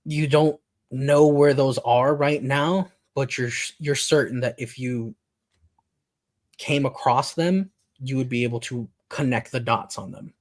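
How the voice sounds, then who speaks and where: Laid-back male game master narrating. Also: medium pitch. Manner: relaxed, halting narration with fillers and laughs. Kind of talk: casual tabletop game narration.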